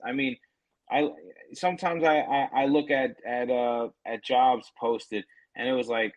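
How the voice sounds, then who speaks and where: A man co-hosting a podcast over a remote call, talking in a profane, animated way and mocking other people's voices. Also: mid-range voice, normal speed, no echo, poor audio. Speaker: podcast co-host. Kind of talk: casual heated chat.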